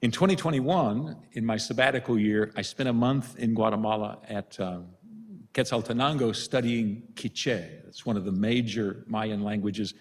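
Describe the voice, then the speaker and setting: A man's voice: fairly low pitch, normal speed, slightly rough. An older man, a priest from the United States, giving a retreat talk with storytelling and self-deprecating humor. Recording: long reverb of a large hall.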